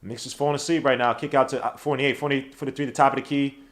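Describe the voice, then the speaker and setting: A man hosting a live watch-along podcast, calling the basketball game play by play with slangy, excitable talk that breaks into shouts at big plays. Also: mid-range voice, quick pace. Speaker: podcast host doing play-by-play.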